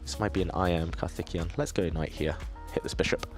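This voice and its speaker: A man's voice: sits low, a little fast, over music. A man, from southeast England, streaming his chess games and chatting casually with viewers as he thinks aloud, in a self-deprecating way. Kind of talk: casual live-stream commentary while playing.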